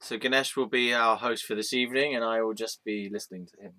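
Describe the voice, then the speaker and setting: Speaking fast with a bright, forceful tone, this man hosts his own vlog, his fairly low voice keeping a mostly even intonation. He jokes around casually and addresses a picture of a deity out loud as if it were a buddy.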